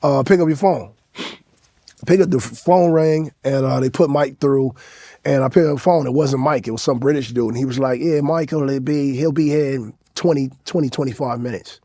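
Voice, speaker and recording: A man's voice: mid-range voice, normal speed, dark tone, no echo. A man casually telling a story in a nonchalant, conversational way. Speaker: interviewee. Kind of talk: casual anecdote.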